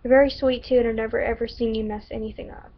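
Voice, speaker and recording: Kindly Southern woman voiced by a woman, gentle and encouraging, put-on Southern accent, muffled recording. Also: on the high side, flat delivery, fast, close to an everyday voice. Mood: soothing.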